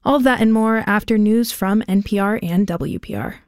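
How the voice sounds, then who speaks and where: A woman's voice: medium pitch, moderate pace, a little mellow, no echo. Woman radio host, dry studio mic, chatty playlist preview. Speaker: midday classical music radio host. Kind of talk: radio announcing. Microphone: studio microphone.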